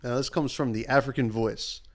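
A man's voice: medium pitch, fairly even intonation, moderate pace. A man co-hosting a podcast in casual chat, rambling with many fillers and hesitations. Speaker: podcast co-host.

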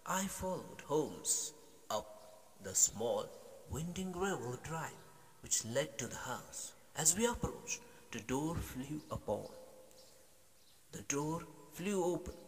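A man reading a classic story aloud in a theatrical way, narrating and playing every part. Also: on the high side. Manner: slow and theatrical, rereads lines. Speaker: audio drama reader. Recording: long reverb with loud music.

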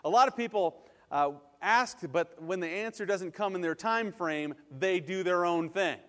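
A man's voice: sits high, moderate pace, fairly bright tone. A man preaching a sermon, earnest and conversational, acting out prayers and everyday reactions. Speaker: pastor. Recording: long hall reverb.

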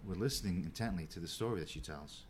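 A man telling a story in casual podcast chat as a guest, animated, restarting his sentences and swearing freely. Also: low voice, quick pace, slight background noise.

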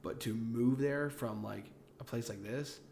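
A man's voice: mid-range voice, a little slow, vocal fry. Young Southern man, casual storyteller, filler-heavy, faint background noise. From American South. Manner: relaxed storytelling with frequent "like" fillers. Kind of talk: casual chat.

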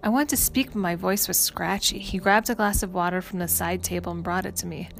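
A woman reading a first-person story aloud in an even, measured way. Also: on the low side, creaky, a little hiss or hum. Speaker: story narrator. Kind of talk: scripted first-person narration. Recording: music playing underneath.

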